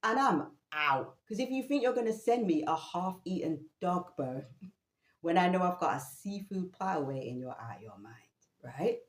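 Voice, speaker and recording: A woman telling a personal story in an animated, incredulous way, often laughing. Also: fairly low pitch, normal speed. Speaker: vlogger. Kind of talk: storytelling monologue. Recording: roomy echo.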